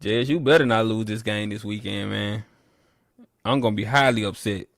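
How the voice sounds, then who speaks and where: A man hosting a casual livestream, reading the chat and trash-talking rival teams playfully, with loud animated bursts. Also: lowish voice, moderate pace, vocal fry, no room sound, studio quality.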